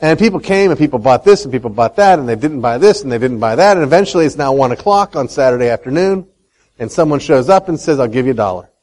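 A man giving a lively talk to an audience on faith and money, asking them questions and telling a folksy story. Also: fairly high pitch, fast, low-quality recording. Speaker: speaker on Christian economics.

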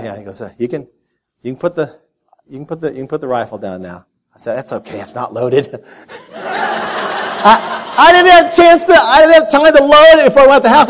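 Male pastor, middle-aged, from Texas; animated storyteller at the pulpit, lots of restarts. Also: a little high. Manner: animated storyteller, repeats words while speaking. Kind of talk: sermon with personal story.

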